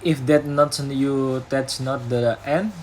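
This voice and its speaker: A young man with an Indonesian accent, a university student whose first language is Indonesian, retelling a talk for a class assignment and reading haltingly with grammar slips and restarts. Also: mid-range voice, steady tone, darkish tone, a little hiss or hum, poor audio. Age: young adult.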